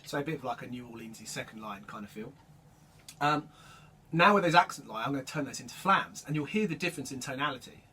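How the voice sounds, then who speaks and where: A man teaching drum rudiments, explaining each stroke in a relaxed way and calling out the stickings as he plays. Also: mid-range voice, fast talker. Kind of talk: instructional demonstration. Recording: distant mic with loud drum noise.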